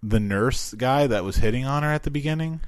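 A man's voice: mid-range voice, a little fast, clean tone, no room sound, studio quality. A man chatting casually about a film, rambling with lots of filler words. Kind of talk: casual chat reviewing a film.

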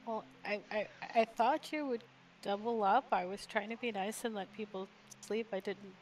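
A woman's voice: medium pitch, fairly even intonation, moderate pace, slight background noise, low-quality recording. A woman playing a tabletop game, chatty and prone to stumbling over her words. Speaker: player. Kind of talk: tabletop role-play chat.

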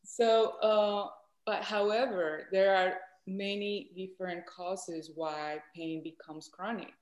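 A woman's voice: medium pitch, fairly even intonation, takes it slowly, darkish tone, reverberant. A woman from Colombia with a Colombian Spanish accent, a doctor guest patiently explaining in an interview.

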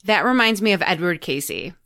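A woman's voice: fairly low pitch, expressive, a little fast, a bit bright, no room sound, studio quality. A woman hosting a casual interview, asking thoughtful questions and murmuring affirmations. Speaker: podcast host.

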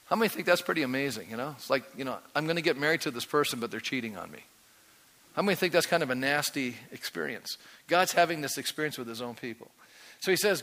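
Bright-voiced male pastor preaching in a reverberant hall. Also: on the high side, quick pace. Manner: animated, keeps asking the congregation questions. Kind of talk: sermon.

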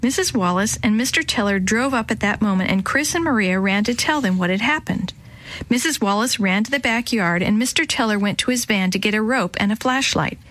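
A woman narrating a children's storybook, lifting her voice higher for the young characters' lines. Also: fairly quick, a bit bright, dry recording. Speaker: storybook reader.

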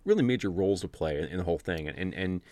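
A man hosting a casual podcast chat, telling stories with animated enthusiasm and handing turns to his co-hosts. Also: sits low, fast talker, no room sound. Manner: animated storyteller, acts out scenes. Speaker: podcast host.

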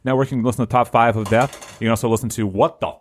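A man's voice: medium pitch, fast talker, a little hiss or hum. A man hosting a casual podcast, joking around and wrapping up the episode with plugs. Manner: lively, joking, wraps up the show. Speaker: podcast host.

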